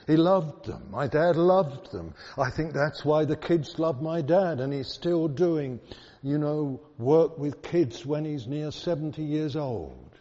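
Slow earnest man preaching in a hall. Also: on the high side, dark tone. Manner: earnest, repeats phrases for emphasis, tells stories. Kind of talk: sermon. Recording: dull echoey hall recording.

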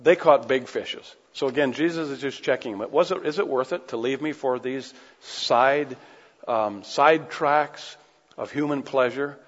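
A man preaching a sermon, reading scripture aloud and breaking off into casual conversational asides. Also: medium pitch. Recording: dull lo-fi recording with long hall reverb.

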